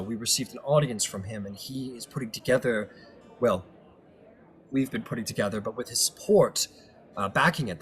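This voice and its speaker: A man voicing a solemn council master who delivers formal news in a measured way. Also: medium pitch, a bit bright, close to an everyday voice.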